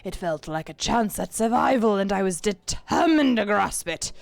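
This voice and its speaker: A woman doing a gruff shipwrecked sea captain. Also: medium pitch, expressive, normal speed, no room sound. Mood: grim. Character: weathered male ship captain, grim and determined.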